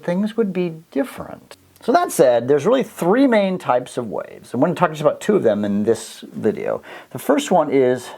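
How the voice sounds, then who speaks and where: A middle-aged man teaching a science lesson on video, jokey and animated, sometimes stretching his voice high or low for effect.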